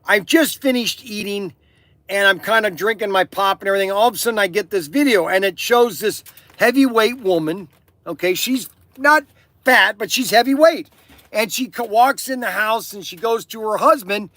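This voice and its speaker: A man's voice: sits high, normal speed, a bit bright, no echo. An older man who runs a toy shop talks to camera in a rambling, opinionated way, often laughing and restarting his sentences. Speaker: toy shop owner and channel host. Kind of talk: rambling casual monologue. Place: inside his store.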